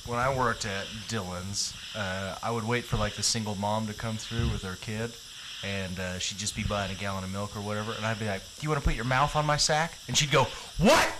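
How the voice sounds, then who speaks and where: A man's voice: on the low side, brisk. A man telling a joking story in casual radio banter, dry and wisecracking. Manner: wisecracking, deadpan jokes. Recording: loud background noise.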